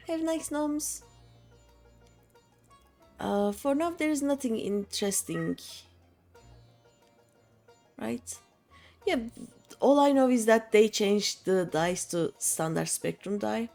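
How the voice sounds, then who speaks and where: A woman's voice: mid-range voice, slow, creaky, long pauses, darkish tone, faint music behind. A woman streaming a game, chatting casually and thinking aloud with many hesitant fillers. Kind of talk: casual gameplay chat.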